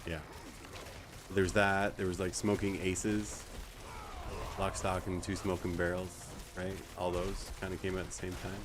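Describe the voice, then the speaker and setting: A male game streamer in a relaxed, joking chat with viewers, talking a friend through the game. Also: low-pitched, a little slow, noisy background. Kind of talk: casual gaming chat with viewers.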